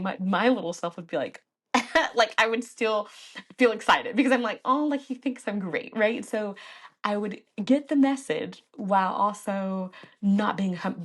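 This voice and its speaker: A woman in her thirties hosting a podcast in a casual, chatty way, often laughing and calling her listeners "y'all". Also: medium pitch. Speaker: podcast host. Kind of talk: casual chat.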